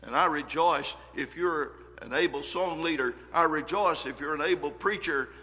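A man's voice: on the high side, moderate pace, bright, forceful tone, long reverb tail, faint music behind. A man preaching a sermon, reading scripture aloud with earnest emphasis and shifting volume.

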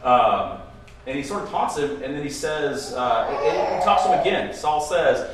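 A man's voice: on the high side, normal speed, very noisy. Man leading a Bible study, echoey and distant. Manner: animated, acts out quotes in playful voices. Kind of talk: casual Bible study discussion. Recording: echoey room from far off with faint ambience.

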